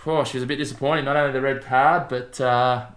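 A man's voice: mid-range voice, fast. A man with an Australian accent co-hosting a casual sports podcast, rambling matily with lots of fillers. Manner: relaxed, matey, rambling with fillers. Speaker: podcast co-host.

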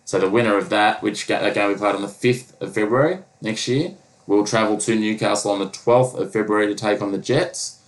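A man's voice: fairly low pitch, fairly quick, poor audio. A man co-hosting a casual sports podcast, rambling with lots of fillers. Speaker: podcast co-host.

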